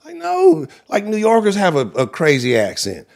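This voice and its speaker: A man's voice: sits high, huge pitch swings, normal speed, gravelly, darkish tone. A man with a Texan accent hosting a live sports talk stream, rambling and profane, laughing often and talking to the chat. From Texas. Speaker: sports show host.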